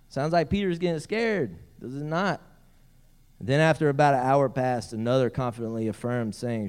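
A man's voice: on the high side, normal speed, darkish tone, clear, resonant tone. A man preaching a sermon as pastor, reading scripture aloud and breaking in with playful asides.

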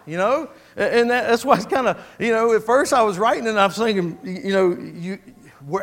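A man with a high voice preaches a sermon and talks to his listeners like he is chatting with them. He often repeats and restarts his words and keeps asking them rhetorical questions. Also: a bit bright. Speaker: pastor.

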